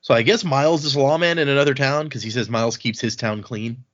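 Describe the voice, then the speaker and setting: A man co-hosting a casual book podcast, animated and quick to laugh. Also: medium pitch, dull audio. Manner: animated, laughs easily, acts out quotes. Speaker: podcast co-host. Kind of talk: casual book discussion, reading aloud.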